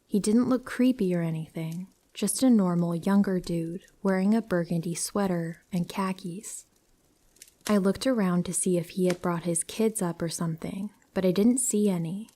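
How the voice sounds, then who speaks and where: A woman narrating a true horror story aloud in a slow, unhurried way. Her voice sits low for a woman and sounds dark and mellow. She tells it in a calm, measured manner.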